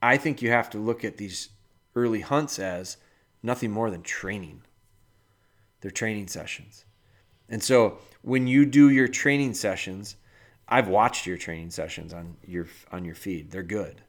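A man's voice: on the low side, measured pace. A man hosting a podcast, casually giving a listener dog-training advice with homely analogies and speaking to her directly.

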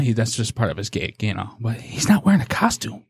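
A man spinning a story on a podcast, slipping into slow, menacing voices when he quotes himself. He sounds close and dry, with no room around him. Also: lowish voice, animated, darkish tone, breathy edge, no echo. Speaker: podcast guest. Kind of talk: casual storytelling.

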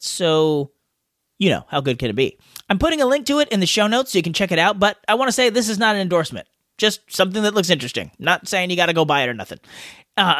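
Jokey podcast guy reading mail, high voice, bounces all over the place. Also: a bit bright, no room sound, studio quality. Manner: playful, jokey. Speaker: podcast host. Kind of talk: casual podcast chat reading listener mail.

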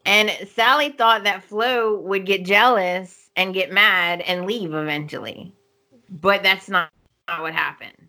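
A woman co-hosting a podcast, retelling a soap opera's plot at length in an animated, casual way. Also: mid-range voice, unhurried. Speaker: podcast co-host.

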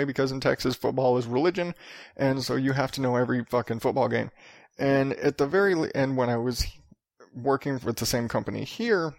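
Gravelly, profane man ranting on a podcast. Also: mid-range voice, dry recording, studio quality. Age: 30s. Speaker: podcast host. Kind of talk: solo podcast rant.

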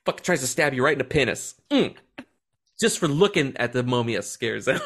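Excitable, swearing man. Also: mid-range voice, moderate pace. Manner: excited, profane, laughing storyteller. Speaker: podcast co-host. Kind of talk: casual chat.

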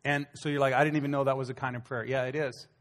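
A middle-aged man preaching a sermon as pastor, in a conversational, animated storytelling manner with acted asides. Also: medium pitch, racing. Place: church hall. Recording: long hall reverb.

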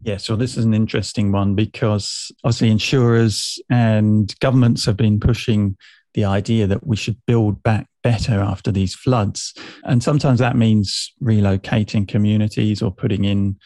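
A man with an English accent, an editor explaining news on a podcast in a measured, informative way. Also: on the low side, steady tone, warm tone, no room sound, clean studio sound.

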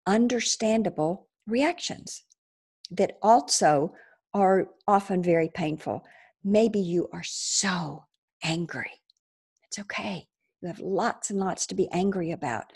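Soft-voiced gentle woman counselor. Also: medium pitch, slightly rough. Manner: gentle, reassuring, repeats and restarts phrases. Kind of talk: recovery podcast talk.

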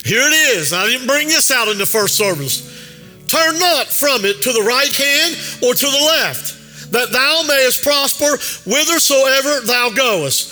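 A man preaching a sermon in a church, his very high voice ringing sharp and bright. He rises into a sing-song preaching cadence and keeps calling out to the congregation. Long hall reverb trails each phrase over faint music. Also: expressive, unhurried. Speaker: pastor. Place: church sanctuary.

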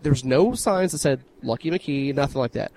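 A man co-hosting a podcast, telling stories in an animated, casual way and swearing freely. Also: medium pitch, moderate pace, a little hiss or hum, rough recording. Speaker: podcast co-host. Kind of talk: casual chat.

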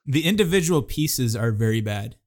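A man's voice: medium pitch, animated, normal speed. A man co-hosting a casual movie review podcast. He jokes and often laughs as he talks. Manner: jokey, laughs often while talking. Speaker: podcast co-host.

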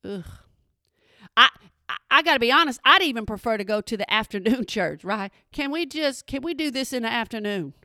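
A woman's voice: fairly high pitch, expressive, brisk, pushed and bright, dry recording, studio quality. A woman from Texas with a Texan accent, telling a chatty story and asking again and again if you hear her. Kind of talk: storytelling monologue.

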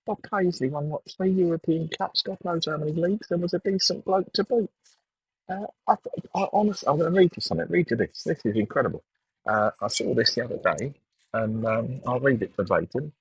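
A man's voice: mid-range voice, animated, a little fast, breathy edge, distant mic, poor audio. A middle-aged man hosting a sports betting podcast, ranting bluntly and swearing in exasperation. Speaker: podcast host.

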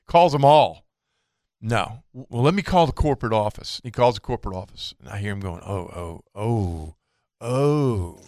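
A man's voice: mid-range voice, clean tone, no room sound, clean studio sound. A man co-hosting a radio fishing show, telling a long story with laughs and acting out the people in it. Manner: animated storyteller, acts out quotes with laughs. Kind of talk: casual radio chat, storytelling. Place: radio studio.

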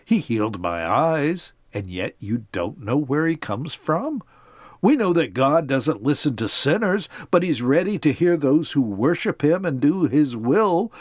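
A man's voice: fairly high pitch, big pitch swings, unhurried, no room sound. A man voicing a plain-spoken, stubborn man who was once blind, giving insistent testimony in a dry-sounding recording.

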